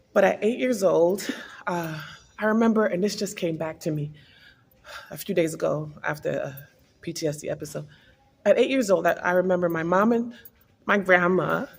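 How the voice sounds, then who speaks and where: A woman's voice: fairly low pitch, creaky, slightly rough, big-room sound. A woman vlogger earnestly telling an emotional personal spiritual testimony.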